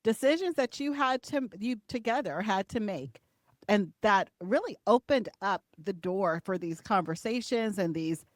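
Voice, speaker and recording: A woman's voice: mid-range voice, lively intonation, unhurried, no echo, clean studio sound. A woman hosting a podcast interview, asking her guest questions in an engaged way. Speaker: podcast host.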